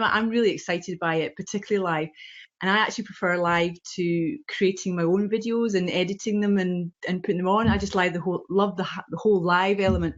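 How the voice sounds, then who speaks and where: A woman with a Scottish accent, a guest on a live stream, talking in an enthusiastic and emphatic way. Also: on the low side. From Scotland. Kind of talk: casual chat. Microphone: video call microphone. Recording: dull, lo-fi web call audio.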